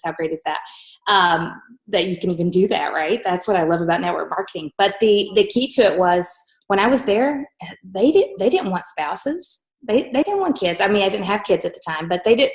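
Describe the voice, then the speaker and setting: A woman co-hosting a business talk, who tells stories to the audience in an animated, chatty way full of fillers. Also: medium pitch, poor audio. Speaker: host. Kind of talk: storytelling to an audience.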